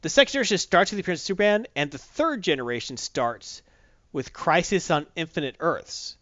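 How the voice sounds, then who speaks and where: A man's voice: fairly high pitch, expressive, fairly quick, fairly bright tone, no room sound, muffled recording. A man chatting casually as a podcast host, rambling and correcting himself as he goes. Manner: rambling, self-correcting, enthusiastic. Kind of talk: casual chat.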